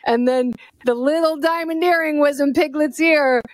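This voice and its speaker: A middle-aged woman chatting as a podcast guest, telling an animated story with playful quick delivery. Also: high-pitched, no echo. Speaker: podcast guest, fellow host. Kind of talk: casual chat, storytelling.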